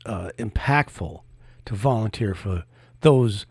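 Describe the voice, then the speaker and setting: A man co-hosting a casual political commentary show, skeptical and halting, with many restarts. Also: lowish voice, animated, darkish tone, slightly rough, dry recording. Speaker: co-host.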